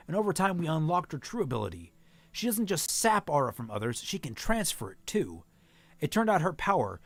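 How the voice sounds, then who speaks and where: A man reads a novel aloud in a casual, animated way, his pitch swinging widely. His voice sits a little high for a man. He trips over words and corrects himself as he goes. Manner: animated, stumbles and self-corrects while reading. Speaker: co-host reading a novel aloud. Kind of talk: casual read-aloud, voicing characters plainly.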